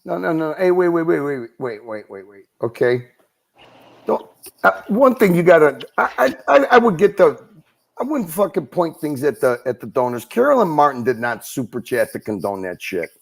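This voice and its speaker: A man's voice: a little high, very animated, normal speed, vocal fry. A man co-hosting a livestream, rambling and swearing as he banters and laughs. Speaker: livestream co-host.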